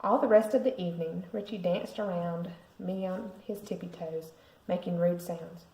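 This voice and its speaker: Expressive mom reading a picture book. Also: female voice, fairly low pitch, moderate pace, slight background noise. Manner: expressive storytelling. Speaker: parent reading to a class. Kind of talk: picture book read-aloud. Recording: roomy echo.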